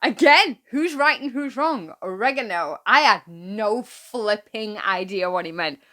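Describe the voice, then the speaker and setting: A British woman hosting a reaction video, chatty and quick to laugh and exclaim. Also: medium pitch, lively intonation, pushed and bright. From Britain. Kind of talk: casual reaction commentary.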